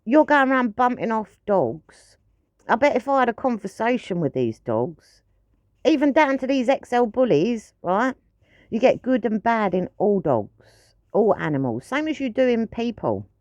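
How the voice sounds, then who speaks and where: A woman's voice: fairly high pitch, very animated, a little slow, darkish tone, no room sound, highs cut off. A woman ranting to camera in a blunt, frustrated way, swearing freely. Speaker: pet owner vlogger.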